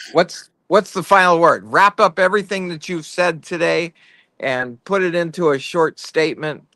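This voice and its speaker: A man co-hosting a casual chat, speaking haltingly and searching for his words. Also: on the high side, pushed and bright, dry recording, clean studio sound. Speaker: co-host.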